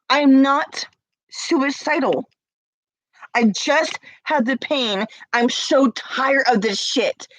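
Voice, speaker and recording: A woman's voice: high-pitched, slow pace, fairly bright tone, no room sound, rough recording. A woman crying as she talks to camera, confronting someone with repeated pointed questions in an emotional rant. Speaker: vlogger.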